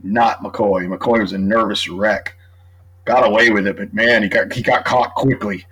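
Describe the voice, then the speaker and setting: This middle-aged man, an author and true crime guest on a podcast, is talkative and lays out his case one point at a time in casual conversation. He speaks at a normal speed in a low-leaning, husky, fairly bright voice with a steady tone, on a low-quality recording.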